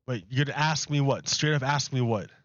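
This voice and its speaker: A man's voice: medium pitch, brisk, a bit bright, dry recording, muffled recording. A man livestreaming who talks casually to his chat, repeating and restarting phrases as he builds an argument. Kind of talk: casual live-stream talk to chat.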